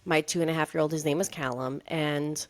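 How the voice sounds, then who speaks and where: This is a woman in her thirties with a low voice, co-hosting a casual podcast. She tells stories in a loose, rambling way and fills her talk with "like". Her delivery is relaxed and conversational. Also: fairly quick. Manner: chatty storyteller, many "like" fillers. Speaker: podcast co-host. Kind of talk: casual chat.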